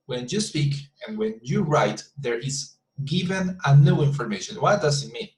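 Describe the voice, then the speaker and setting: A man teaches an online English class, often repeating himself and checking in with "you see?" as he explains. His voice sits at a middle pitch. The sound is echoey, as if recorded in a bare room. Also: lively intonation, moderate pace, darkish tone. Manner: frequent restarts and "you see?" check-ins.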